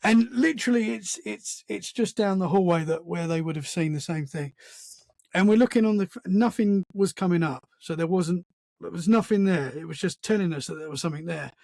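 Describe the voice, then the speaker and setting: A man, a podcast guest, telling a story in casual conversation, animated and full of restarts. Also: sits high, fairly quick, vocal fry, no room sound. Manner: animated storyteller, acts out sounds and quotes; many restarts and "man" fillers.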